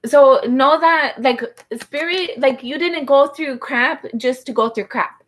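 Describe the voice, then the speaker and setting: A woman's voice: high voice, slow. A woman giving a live-streamed tarot reading in a chatty, heartfelt way, often saying "like" and speaking to viewers by name and star sign. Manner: chatty, heartfelt, fills speech with "like". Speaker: tarot reader.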